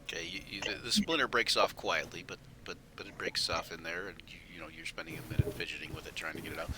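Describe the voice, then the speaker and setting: A man's voice: low-pitched, fairly even intonation, fast, bright, forceful tone, slight background noise. A man narrating as game master, stammering and repeating words as he goes.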